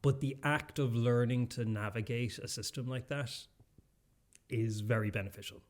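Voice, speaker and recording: A man's voice: mid-range voice, fairly even intonation, normal speed, a little mellow. A young adult man with an Irish accent, a podcast co-host chatting casually and rambling through a story with many restarts. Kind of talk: casual chat.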